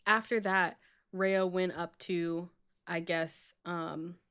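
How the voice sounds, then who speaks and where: Chatty woman co-hosting, quick to laugh. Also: lowish voice, fairly even intonation, fairly bright tone, smooth. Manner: chatty, laughs often, mock-stern with co-host. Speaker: co-host of a wrestling live stream. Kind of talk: casual chat.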